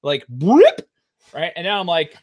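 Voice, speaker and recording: A middle-aged man co-hosting a podcast, telling a long story in a casual, profane way with loud outbursts. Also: fairly high pitch, wildly swooping pitch, unhurried. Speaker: podcast co-host.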